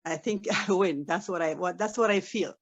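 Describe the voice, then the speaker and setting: Low-voiced enthusiastic woman on a call. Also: moderate pace, muffled recording. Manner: enthusiastic, simple phrasing. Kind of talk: casual group call.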